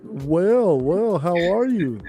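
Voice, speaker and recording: Laid-back mellow-voiced male podcast host. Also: sits high, expressive, slow, soft background music. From Southern US. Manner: laid-back, chatty, laughs easily. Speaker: show host. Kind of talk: casual podcast chat.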